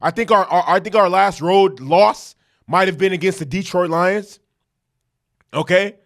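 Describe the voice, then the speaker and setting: Hyped, profane man with a high voice. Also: a little slow, a bit bright. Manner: hyped, repeats "okay?" for emphasis; profane, self-correcting rambles. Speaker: sports fan commentator. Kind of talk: casual fan reaction vlog.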